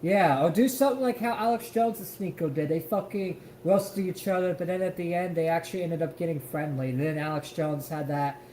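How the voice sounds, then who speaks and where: A man tears into a clip on a podcast in a loud, profane rant, his voice bouncing around a roomy, echoey space. Faint background ambience hangs under his angry, fast-building complaints. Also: fairly high pitch, slight background noise. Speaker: podcast host. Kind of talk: heated reaction commentary.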